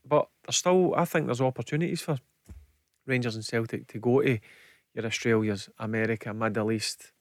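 Earnest Scottish football pundit. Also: male voice, medium pitch, fairly even intonation, normal speed, no room sound, studio quality. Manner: earnest, plain-spoken, repeats words. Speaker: football pundit, former player. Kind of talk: casual sports radio punditry. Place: radio studio. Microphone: studio microphone.

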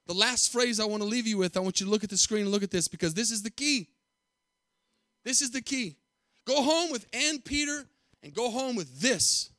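A male pastor preaching a sermon with emphatic repetition, calling out to the congregation and swinging from hushed tones to loud declarations. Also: sits high, expressive, moderate pace, no echo, soft background music.

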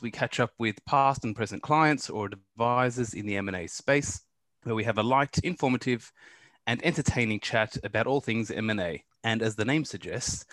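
A man hosting a professional podcast, with measured, formal presenter delivery. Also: mid-range voice, fairly bright tone, dry recording. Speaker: podcast host, corporate lawyer. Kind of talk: scripted podcast introduction.

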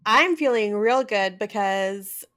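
A woman's voice: mid-range voice, animated, slow, a bit bright. A woman playing a cheerful cat who hosts a podcast, goofy and playful in her banter. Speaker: host.

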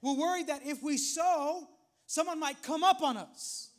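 A man's voice: extremely high pitch, measured pace. A male pastor preaching a sermon in a conversational way, with frequent asides to the congregation.

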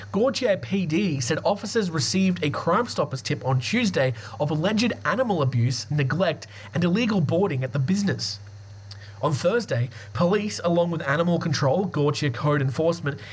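A man's voice: fairly high pitch, husky. A man hosting a podcast in casual chat, joking and swearing freely and laughing as he reads out news stories. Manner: profane, joking, laughs often. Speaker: podcast host.

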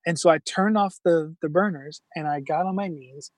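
A middle-aged man telling a personal story as a guest in an interview, earnest and halting, with many restarts. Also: fairly high pitch, no room sound.

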